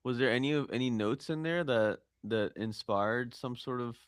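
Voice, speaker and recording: A man's voice: mid-range voice, normal speed, clear, resonant tone, no echo. Mid-voiced man on a call, probing questions, dry close sound. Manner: probing, restarts his questions. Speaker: composer asking for feedback. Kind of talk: casual chat.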